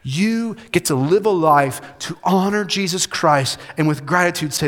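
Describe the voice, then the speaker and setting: A man preaching a sermon as pastor, emphatic, shifting between loud, urgent passages and soft, intimate ones. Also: on the high side, measured pace, few pauses. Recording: hall reverb.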